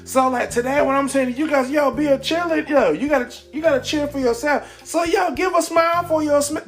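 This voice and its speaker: A man's voice: very high-pitched, brisk, faint music behind. Rambling upbeat man talking to camera. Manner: rambling, repeats words, many fillers. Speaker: vlogger. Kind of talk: casual motivational talk to camera. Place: indoors at home. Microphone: camera in front of him.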